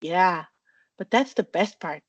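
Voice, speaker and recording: A woman's voice: mid-range voice, moderate pace, darkish tone, no room sound, lo-fi sound, lightly acted. A woman voicing a cheeky, boastful schoolboy wizard with casual banter in a storybook reading.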